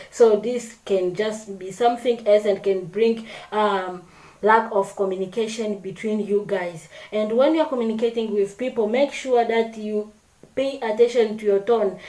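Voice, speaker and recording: A woman's voice: medium pitch, dark tone, roomy sound, low-quality recording. A woman vlogger talking to camera about getting along with people, speaking unscripted, often repeating and correcting herself and acting out little examples. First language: French. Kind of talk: casual advice talk to camera.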